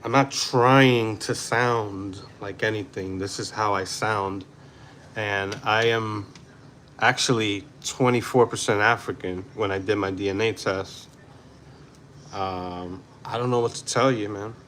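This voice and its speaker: A man's voice: lowish voice, fairly even intonation, a little slow, fairly bright tone, a little hiss or hum. A man in his forties from New York City, giving blunt casual livestream commentary and reacting to chat, sometimes slipping into Spanish phrases. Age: 40s. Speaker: livestream host.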